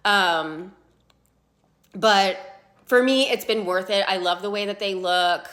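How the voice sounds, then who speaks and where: A young woman speaks in a relaxed, everyday vlog style. She keeps an ordinary middle pitch, fills her talk with little hesitations, and comes across as earnest and open. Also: slow. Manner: chatty, filler-heavy, earnest. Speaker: patient sharing her story.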